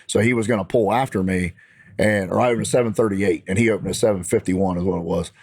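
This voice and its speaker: A man with a Midwestern American accent telling a story in a casual, animated, fired-up way. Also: low voice, fast, no room sound, clean studio sound. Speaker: podcast guest.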